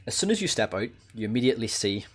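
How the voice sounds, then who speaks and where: A man's voice: medium pitch, sing-song, quick pace, breathy edge. A Northern Irish man narrating a tabletop game as game master, with many hesitations. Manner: hesitant, many uhs, breaks into laughter.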